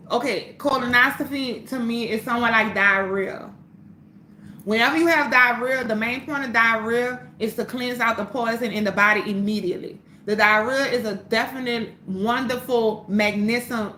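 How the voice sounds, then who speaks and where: Her voice a little high, pushed and bright, a New Orleans-accented woman from that city runs a casual herbal-tea livestream via phone or webcam. She answers viewers' questions in a blunt, profane, preachy manner, repeating phrases for emphasis, while the echoey room adds a little hiss or hum.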